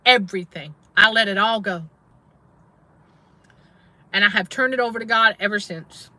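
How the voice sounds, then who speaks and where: This channel host, a middle-aged faith-based trauma coach, preaches in a relaxed, testifying style on a livestream, repeating herself to drive points home. Her medium-pitched voice sounds pushed and bright at normal speed in a dry recording.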